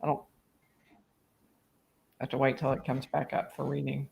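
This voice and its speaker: A man's voice: medium pitch, monotone, moderate pace, gravelly, a little mellow, slight background noise. A lawyer hosting a live stream, reading call transcripts aloud and adding his own asides. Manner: reads out transcript quotes with asides. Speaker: lawyer host. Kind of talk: live stream legal commentary.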